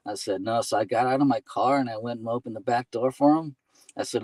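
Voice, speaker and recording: A man of middle pitch talking as a guest, spinning casual stories with easy laughs and lots of "you know" and "man". He sounds a little far from the mic in a dry room. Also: brisk, a little mellow, no echo. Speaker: guest, delivery driver. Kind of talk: casual storytelling.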